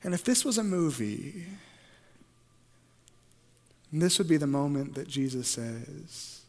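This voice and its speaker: High-voiced man preaching in a hall. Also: expressive, slow pace. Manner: swings from hushed to loud, fervent preaching. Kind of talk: sermon. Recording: long hall reverb.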